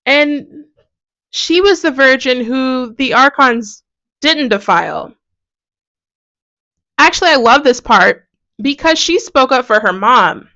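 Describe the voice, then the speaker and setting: Woman host, high voice, slow and deliberate, animated sarcastic commentary, slightly dull lo-fi recording. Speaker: video host. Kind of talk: casual commentary on ancient texts.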